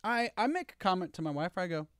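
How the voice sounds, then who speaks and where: A man co-hosting a comedy podcast, telling a rambling crude story in loose, animated banter. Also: sits high, quick pace, clear, resonant tone, no room sound, studio quality. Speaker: podcast co-host.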